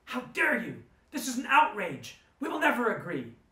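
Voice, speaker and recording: A man voicing a furious, tearful young woman who yells in outrage. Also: huge pitch swings, moderate pace, heavily acted. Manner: shrill yelling. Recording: roomy, from a distance.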